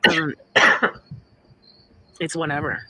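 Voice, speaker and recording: A woman's voice: deep voice, steady tone, very slow, slight background noise. A woman ranting and rambling profanely in casual livestream talk. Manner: profane, rambling, swings between muttering and shouting.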